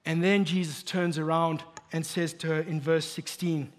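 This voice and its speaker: High-voiced preaching man in a hall. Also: level tone, moderate pace. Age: adult, married. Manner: emphatic preaching, rising to a near shout. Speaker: pastor. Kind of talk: sermon. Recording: long hall reverb.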